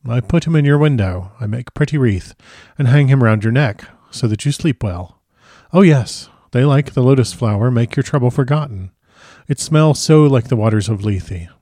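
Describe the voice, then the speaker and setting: A man voicing an old foreign professor who speaks grave, broken formal English in a measured way. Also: medium pitch, warm tone, no echo, studio quality, lightly acted. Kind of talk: audiobook character reading.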